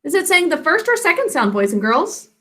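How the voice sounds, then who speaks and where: A woman's voice: high-pitched, very animated, brisk, pushed and bright. A woman teaching an online spelling lesson to children over a video call, patient and careful as she sounds out words.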